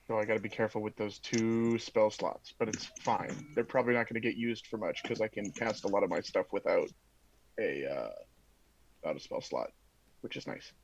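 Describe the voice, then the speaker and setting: A man's voice: on the low side, fairly quick, creaky, dull audio, a little hiss or hum. A man playing a tabletop game, chatting casually and laughing often. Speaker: player.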